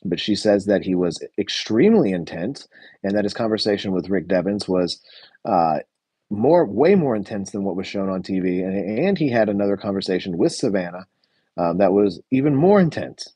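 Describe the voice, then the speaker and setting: A man's voice: on the low side, expressive, normal speed, mellow, breathy edge, no echo. A young man hosting a live show review stream, chatting casually with lots of fillers and answering his chat. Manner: rambling, many fillers, reads live chat.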